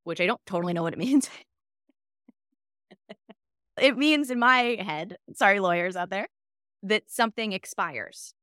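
A woman's voice: mid-range voice, measured pace, long pauses, no echo, studio quality. A woman in her thirties, a podcast co-host, telling stories in casual chat, candid and reflective. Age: 30s. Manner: animated storytelling, acting out both sides of a conversation.

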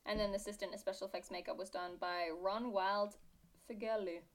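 She talks a little fast, with a mid-range voice and fairly even intonation. The young British podcast co-host has an accent drifting toward Australian, and her chat stays casual, sarcastic and giggly.

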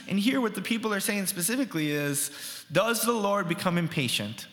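A man's voice: high-pitched, lively intonation, brisk, a bit bright, in a large hall. A man preaching a sermon in a conversational way, with fillers and restarts, his voice rising sharply when he quotes others.

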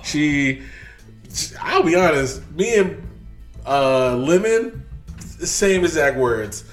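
Man, casual movie chat, lively sing-song pitch, profane, faint music underneath. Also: very slow. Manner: animated, profane, retells scenes with voices.

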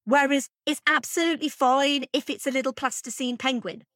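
A woman's voice: high voice, fairly even intonation, a little fast, fairly bright tone, no echo, studio quality. A woman co-hosting a podcast, chatting casually and thinking aloud with plenty of fillers. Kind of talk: casual chat.

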